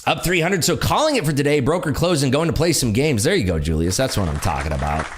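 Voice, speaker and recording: Man, day trading livestream host, excitable, lively pitch swings, live market commentary. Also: fast talker, some chatter behind, slight background noise. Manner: excitable, hyping moves to viewers.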